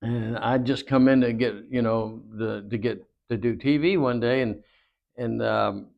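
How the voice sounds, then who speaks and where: A man recounting old stories in a loose, rambling way, full of "uh" and "you know" and bits of quoted dialogue. His voice sits at a mid pitch. The audio is dull and lo-fi. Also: fairly even intonation, measured pace, vocal fry. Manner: rambling anecdotes with many fillers and quoted dialogue. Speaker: guest wrestler. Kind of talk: storytelling interview.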